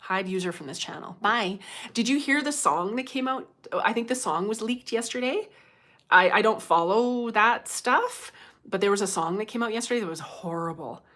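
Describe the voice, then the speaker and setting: Middle aged woman chatting on her livestream, bright voice, laughs a lot. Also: mid-range voice, animated, moderate pace. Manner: chatty, laughs often, reads viewer comments aloud. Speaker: livestream host. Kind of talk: casual livestream chat.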